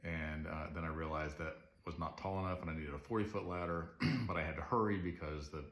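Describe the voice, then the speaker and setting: Earnest male vlogger, low voice, casual rambling story, roomy reverb. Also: brisk, a bit bright. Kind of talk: casual confessional monologue. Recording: roomy echo.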